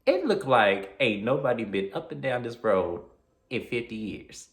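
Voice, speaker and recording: A man reviewing a horror film in a casual vlog, retelling the plot in a slangy, animated way. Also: mid-range voice, moderate pace. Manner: slangy, animated storytelling with acted quotes. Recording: roomy echo.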